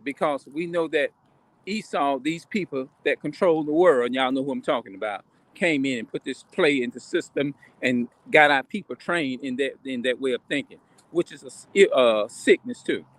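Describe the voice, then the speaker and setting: A man's voice: fairly high pitch, a bit bright. A man talking in a rambling, preachy way, recording himself in a truck. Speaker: vlogger preaching. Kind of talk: casual religious monologue. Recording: vehicle noise, music in truck.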